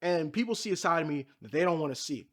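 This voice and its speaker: A young man telling a long story casually and with slang, pitching up for his own quoted reactions. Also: fast talker. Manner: animated, slangy, voices his own reactions with big rises. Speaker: independent MMA media reporter.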